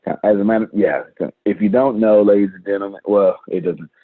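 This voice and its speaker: In a live video call, a man coaches his team emphatically, repeating phrases for effect. His voice is on the low side with fairly even intonation and a slightly fast pace, and the audio is dry, tinny and phone-like with no echo.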